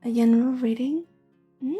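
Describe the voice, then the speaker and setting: A woman from Sweden hosting a casual livestream, soft-spoken and giggly, often slipping into a whisper. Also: high-pitched, moderate pace, breathy edge, faint music behind. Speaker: livestream host and intuitive reader. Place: home room with shelving.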